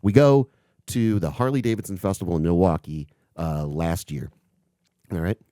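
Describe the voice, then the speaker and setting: A low-voiced man, a podcast co-host, tells a story at a moderate pace in a casual storytelling chat. He's an animated storyteller who swears freely, and the recording is dry with clean studio sound.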